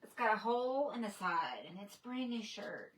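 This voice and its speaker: A woman's voice: medium pitch, sing-song, normal speed, a bit bright. A woman chatting casually on a livestream, greeting viewers by name. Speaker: livestream host. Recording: distant from the mic, faint noise.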